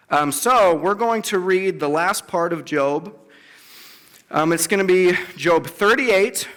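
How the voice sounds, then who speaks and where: A man's voice: high-pitched, fairly bright tone. A young man giving a casual sermon to a campus group, talking conversationally and acting out biblical quotes with emphasis. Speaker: campus ministry speaker. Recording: long reverb of a large hall.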